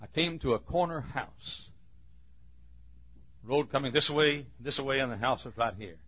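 A man preaching a sermon, telling a folksy story and building to emphatic, forceful points. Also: medium pitch, unhurried, slightly rough, muffled recording.

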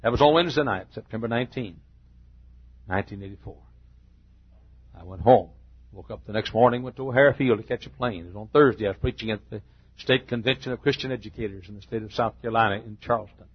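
An older man preaching in a church, retelling a personal story in a halting, heartfelt way with repeated phrases. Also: lowish voice, breathy edge, dry recording, muffled recording. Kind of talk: emotional sermon storytelling. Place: church sanctuary.

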